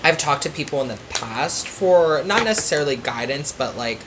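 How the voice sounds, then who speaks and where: A man's voice: fairly high pitch, animated, normal speed, background noise. Rambling man telling a story. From Florida. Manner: rambling storyteller, many fillers and restarts. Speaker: podcast guest, psychic medium. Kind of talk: casual chat.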